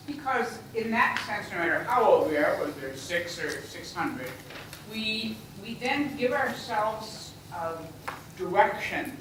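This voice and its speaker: A woman congregant giving a thoughtful, measured reflection. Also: medium pitch, noisy background. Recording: echoey room picked up from far off.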